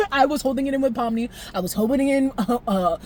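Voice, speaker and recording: Young woman, highish voice, swearing, laughing, emotional vlog rant. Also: brisk, slight background noise. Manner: expressive, profane, laughs often, jumps pitch when excited. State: tearful at times. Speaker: vlogger. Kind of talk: casual animated recap.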